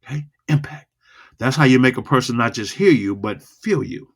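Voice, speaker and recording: A man coaching public speaking in an online video lesson, energetic and repetitive, talking straight to the viewer. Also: medium pitch, moderate pace, husky. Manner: energetic, repetitive, demonstrates vocal dynamics.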